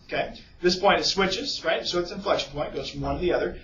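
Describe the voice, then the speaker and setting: A man's voice: a little high, quick pace, fairly bright tone, a little hiss or hum. Casual male teacher in an echoey classroom. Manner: casual, keeps checking in with "okay?" and "right?". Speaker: math teacher. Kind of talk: classroom lecture. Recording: echoey, distant, muffled classroom recording.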